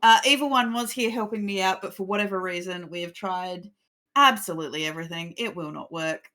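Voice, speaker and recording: A woman's voice: medium pitch, fairly quick, sharp tone. A woman hosting a live-streamed tabletop game, chatty and recapping events with laughter. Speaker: game master and stream host.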